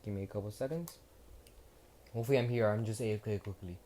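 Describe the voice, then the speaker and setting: A man's voice: lowish voice, fast, dark tone, slight background noise. Rambling, foul-mouthed young man. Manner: profane, rambling, self-interrupting. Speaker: fan storyteller. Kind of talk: casual rambling retelling.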